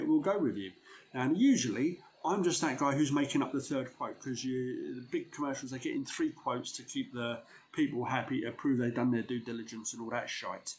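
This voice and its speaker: A man's voice: medium pitch, a little mellow, slight background noise. A man who runs a window cleaning business, giving blunt, slangy advice in a casual vlog.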